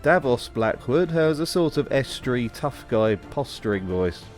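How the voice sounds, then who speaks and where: A man talks through a scripted commentary with dry, mocking humor. His pitch bounces around a lot as he speaks. Soft music plays beneath him. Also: lively intonation, measured pace. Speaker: host.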